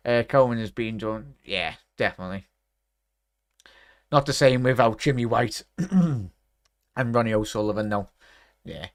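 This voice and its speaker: Scouse streamer in his thirties, smooth voice, dry close mic, chatty football reactions. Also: medium pitch, a little slow, pauses often, no echo. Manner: chatty, bursts into excited shouts at chances; talks straight to his chat. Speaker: watchalong streamer. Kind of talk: live football watchalong commentary.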